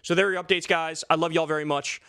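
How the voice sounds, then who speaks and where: A man's voice: a little high, fairly even intonation, quick pace, creaky, pushed and bright, dry recording, clean studio sound. A man delivering a heated, profane, sarcastic political commentary rant, full of filler likes. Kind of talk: ranting political commentary vlog.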